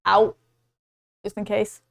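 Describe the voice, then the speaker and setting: A woman's voice: mid-range voice, monotone, slow, creaky. A woman playing a tabletop role-playing game, chatty and laughing between lines. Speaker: player. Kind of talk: tabletop role-play chat.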